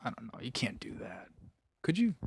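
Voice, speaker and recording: A man's voice: medium pitch, wildly swooping pitch, vocal fry, slightly rough, dry recording, clean studio sound. A man co-hosting a casual comedy chat, joking around and giggling often. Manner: joking, giggly, slow drawl. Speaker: podcast co-host.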